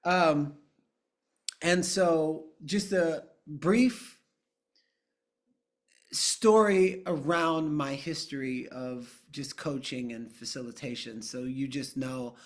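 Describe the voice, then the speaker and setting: A middle-aged man talking casually on a live coaching call, guiding listeners through a quiet exercise. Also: medium pitch. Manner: conversational, drifting into hushed guided prompts. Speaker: coach and trainer.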